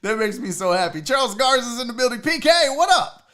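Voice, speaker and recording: A man hosting a sports stream in a loose, chatty way, swearing freely and shouting out viewers one after another. His voice sits high for a man. The tone is bright and forward. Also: animated, fast talker. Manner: loose and profane, greeting chat members by name. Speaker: sports show host. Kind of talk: casual livestream chat.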